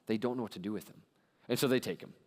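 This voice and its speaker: A man pastor giving a conversational sermon, retelling a story in a casual, animated way with lots of "like.". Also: on the low side, racing. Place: church sanctuary. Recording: long hall reverb in a church.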